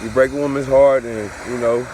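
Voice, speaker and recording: A man's voice: medium pitch, steady tone, brisk, background noise. A father telling a personal story in a casual, profane, repetitive way, looping back over the same phrases.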